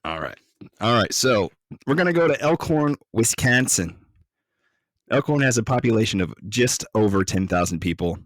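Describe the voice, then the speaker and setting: A man with a very deep voice, co-hosting a casual podcast. He jokes and swears freely in a relaxed way. The sound is close and dry, with no room around it. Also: moderate pace, no echo. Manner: joking, profane, relaxed. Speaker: podcast co-host.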